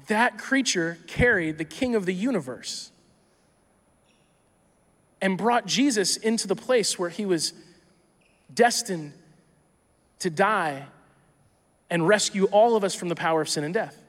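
A tired male pastor preaching a sermon in a conversational, animated way, often acting out imagined dialogues. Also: sits high, slow, pauses often, big-room sound. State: tired from little sleep.

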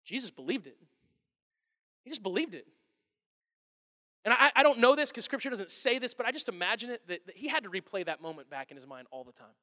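A man in his thirties delivers a sermon as pastor, his voice very high and bright. He is animated and slips into character voices for quotes. The sound rings with the long reverb of a large hall. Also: brisk, long pauses.

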